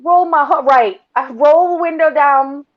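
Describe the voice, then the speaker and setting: Woman, middle-aged, animated and profane, higher pitch, dull lo-fi recording. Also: a little slow. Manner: animated, profane, laughing storyteller. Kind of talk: casual storytelling. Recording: dull lo-fi sound.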